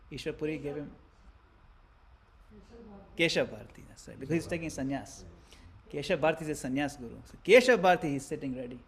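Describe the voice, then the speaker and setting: A man giving a religious lesson, narrating a scene vividly with theatrical swings between loud and hushed delivery. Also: fairly high pitch, a little hiss or hum. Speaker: religious teacher. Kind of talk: dramatic storytelling lecture.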